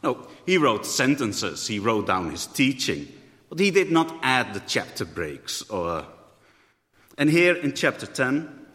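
A man's voice: medium pitch, big pitch swings, a little slow, fairly bright tone. A man preaching a sermon in a thoughtful way, often rephrasing mid-sentence. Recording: echoey hall.

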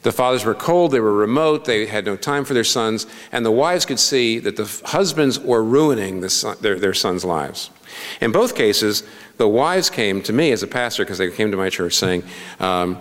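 A man's voice: lowish voice, lively intonation, moderate pace, long reverb tail. A middle-aged man, a pastor, preaching a sermon in an earnest, conversational way, full of rhetorical questions.

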